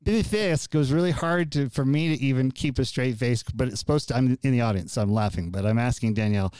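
A man's voice: mid-range voice, fast, a little mellow, clean tone, no echo. Upbeat man hosting a podcast. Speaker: podcast host. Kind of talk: casual chat.

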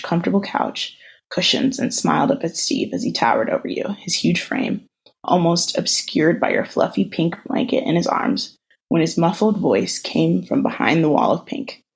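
A woman co-hosting a podcast over a video call, reading a fan story aloud in an even, unhurried way. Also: on the low side, vocal fry, breathy edge, rough recording. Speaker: podcast co-host.

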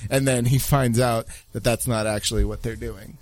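A man's voice: mid-range voice, fairly even intonation, moderate pace, darkish tone, dry recording. A man co-hosting a podcast, joking and laughing as he riffs in casual banter. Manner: joking, laughs often, breaks into goofy impressions. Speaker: podcast co-host.

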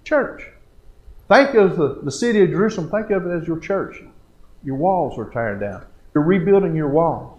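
In a church sanctuary, a man preaches live as a lay preacher, his fairly high, expressive voice moving at normal speed with a darkish tone. He exhorts in a folksy way, leaning on country colloquialisms and stacking up rhetorical questions. The highs are cut off.

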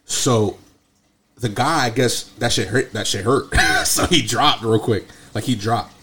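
A young man casually telling an animated, slangy story full of profanity. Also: medium pitch, measured pace, slight background noise. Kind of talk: casual chat.

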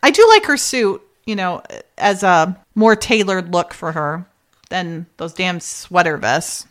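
A woman's voice: fairly low pitch, takes it slowly. A woman co-hosting a casual podcast, recapping a TV episode and acting out the characters' lines with frequent laughs. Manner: animated, acts out characters' lines and laughs often. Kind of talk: casual chat.

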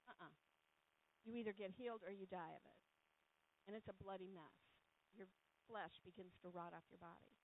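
A woman preaching a sermon, telling a story with energy and acting out the voices in it. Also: on the high side. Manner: animated, acts out the voices in the story. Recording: tinny phone-like sound.

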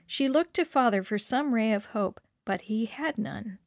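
Expressive woman reading a story aloud. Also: fairly high pitch, unhurried, dry recording, studio quality. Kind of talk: scripted narration.

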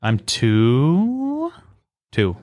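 Man, podcast co-host, casual chat, teasing, animated pitch. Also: drawn-out words. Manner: joking, teasing, chatty.

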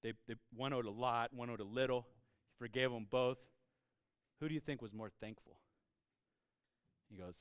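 A man pastor giving a conversational sermon, energetic and informal, often repeating words and asking "right?". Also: mid-range voice, normal speed, pauses often, clear, resonant tone, dry recording, studio quality. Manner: swings into quiet acted voices for quotes.

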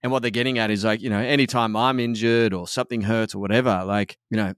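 A man's voice: fairly low pitch, fairly even intonation, quick pace, clean tone, no room sound, clean studio sound. An Australian man talking candidly and casually on a podcast, swearing freely and calling his co-host "man" and "mate".

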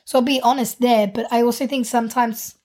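A woman, co-hosting a casual podcast chat, jokey and quick to swear. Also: a little high, steady tone, a little mellow. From Australia. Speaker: podcast co-host.

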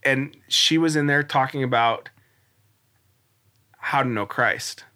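A man's voice: medium pitch, takes it slowly, bright, forceful tone, clean tone. A man in his forties, a podcast guest, earnestly telling a personal story in a rambling way, full of restarts and fillers. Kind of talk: casual storytelling interview.

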